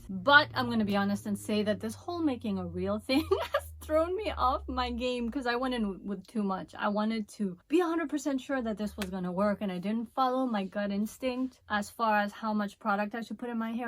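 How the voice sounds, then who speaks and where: A woman's voice: a little high, expressive, fairly quick. A woman with a Spanish accent chatting enthusiastically through a hair product review vlog. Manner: chatty and enthusiastic, with laughs and asides. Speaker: hair care vlogger.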